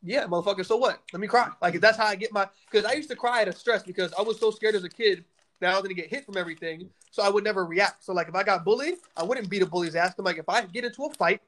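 A young man in his twenties with a high voice and a quick, tumbling delivery. He co-hosts a casual podcast and tells stories in blunt, profane, animated bursts. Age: 20s. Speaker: podcast co-host. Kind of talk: casual chat.

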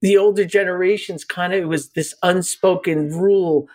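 Appearing on a podcast, a forties-aged life coach shares a personal story with candor and earnestness in a high voice at a moderate pace. Recounting conversations brings out his animation.

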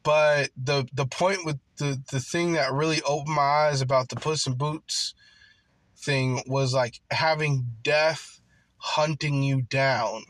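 A man's voice: mid-range voice, steady tone, slow, fairly bright tone, dry recording. A man telling a casual story in a rambling way, full of swearing and fillers like "like". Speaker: worker on a night job.

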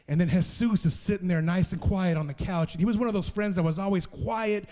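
A man preaching, telling his testimony as a lively story and restarting with repeated words. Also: high-pitched, fairly quick, hardly any pauses. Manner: lively storyteller who acts out other people's voices.

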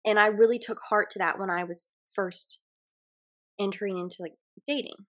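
A woman's voice: mid-range voice, steady tone, normal speed. A woman with a Southern US accent, co-hosting a podcast in casual chat, talking in a reflective, earnest way that trails off with fillers. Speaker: podcast co-host.

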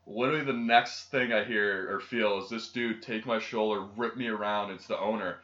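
A young man co-hosting a podcast in a low voice, rambling through profane stories. The sound is dull and lo-fi. It carries a roomy echo. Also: steady tone, moderate pace, a bit bright. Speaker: podcast co-host. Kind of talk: casual chat. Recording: lo-fi echoey room.

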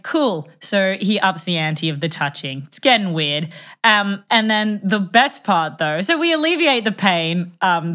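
A young woman telling a personal story in a casual chat. Her voice sits a little low for a woman, and she is animated and self-mocking, acting out what people said. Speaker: guest telling a dating story.

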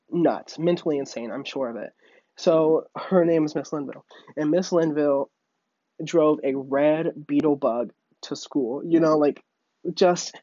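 A man's voice: fairly high pitch, darkish tone, no room sound, muffled recording. A man casually telling a childhood story, chatty and laughing, leaning on "like" and "literally".

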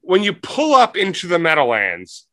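A man co-hosts a podcast and spins a rambling, playful comic story. His voice is bright and a little high. The sound is dry and close to the mic. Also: huge pitch swings, moderate pace, dry recording. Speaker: podcast co-host. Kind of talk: casual comedic storytelling.

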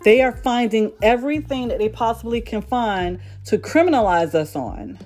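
A woman's voice: fairly high pitch, big pitch swings, moderate pace, a little mellow, soft background music. A woman vlogger delivering a heated, profane monologue rant, repeating herself for emphasis.

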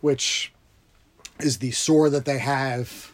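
A man's voice: mid-range voice, fairly even intonation, slow pace. A man co-hosting a casual movie review podcast, rambling through scenes and acting out the lines in quoted voices. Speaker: podcast co-host.

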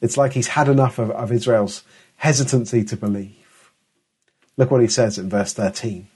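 Husky-voiced man preaching earnestly. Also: medium pitch, steady tone, moderate pace, darkish tone. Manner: earnest, emphatic, with frequent restarts. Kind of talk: sermon.

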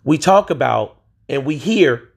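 An American man rants solo on his own podcast, emphatic and freely profane, using street slang and speaking straight to his listeners. His voice is fairly high and animated, at a measured pace, with vocal fry and a breathy edge.

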